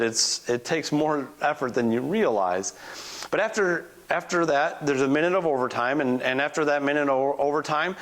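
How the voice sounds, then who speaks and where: A man in his forties, a guest preacher telling a personal story in a conversational, animated sermon. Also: medium pitch. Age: 40s.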